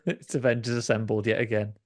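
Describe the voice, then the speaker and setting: A man's voice: mid-range voice, fairly even intonation, brisk, a little mellow, no room sound, studio quality. A man co-hosting a podcast in casual chat, wry and joking, laughing often. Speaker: podcast co-host.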